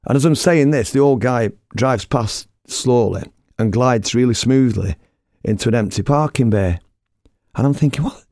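A middle-aged man telling a story in a lively, blunt, self-mocking way, as a radio presenter. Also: medium pitch, moderate pace, no echo, studio quality. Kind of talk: casual anecdotal storytelling.

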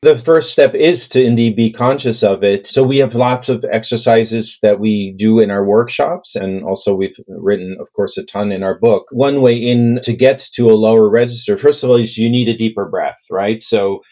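Animated coaching man, lo-fi audio. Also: normal speed, hardly any pauses. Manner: animated, demonstrative, plays with his own pitch and pace. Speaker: voice and communication coach. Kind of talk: conversational interview answer.

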